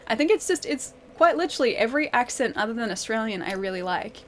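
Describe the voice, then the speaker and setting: A young woman hosts a live game stream in a friendly, chatty way, giggling now and then as she answers her viewers one by one. Her voice sits a bit higher than most women's. A faint hiss runs under her speech. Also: expressive, fast talker. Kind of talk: casual live-stream chat.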